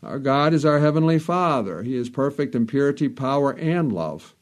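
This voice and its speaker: Man preaching a measured sermon. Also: medium pitch, lively intonation. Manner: measured preaching, quoting King James scripture with rising fervor.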